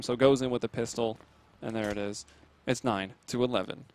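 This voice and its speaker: A man calling a competitive shooter match from home in a casual, chatty way, with sudden excited bursts at the big plays. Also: medium pitch, normal speed, slight background noise. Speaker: esports caster. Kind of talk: play-by-play game commentary.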